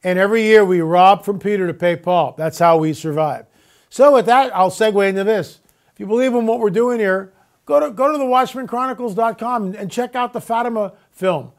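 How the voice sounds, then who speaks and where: A man's voice: high voice, brisk. A man hosting a radio talk show, speaking emphatically with repetitions and rhetorical questions. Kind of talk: casual monologue on air.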